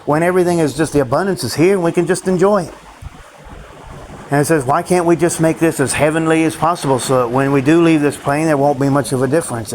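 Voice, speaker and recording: A man's voice: on the high side, rough recording. A man ranting in a rambling vlog monologue, frustrated and swearing often, with faint vehicle noise behind him. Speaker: vlogger.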